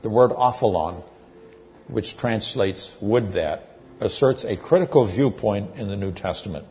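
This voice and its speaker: Man preaching, low voice, mellow tone, measured with pauses, faint background hiss. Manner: measured, explains terms, frequent "uh" pauses. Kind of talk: expository sermon.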